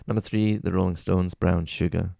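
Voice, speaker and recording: Gravelly deep-voiced man chatting. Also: steady tone, moderate pace, dark tone, no echo, studio quality. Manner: chatty, rambling, self-correcting. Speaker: music playlist host. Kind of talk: casual chat about music.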